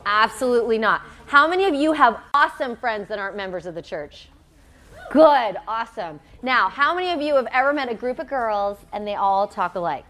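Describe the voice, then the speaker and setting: A woman's voice: on the high side, expressive, fairly quick, fairly bright tone. A woman giving a playful talk to a youth audience. She jokes and keeps asking them questions. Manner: playful, joking, quizzing the audience. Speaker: church youth speaker.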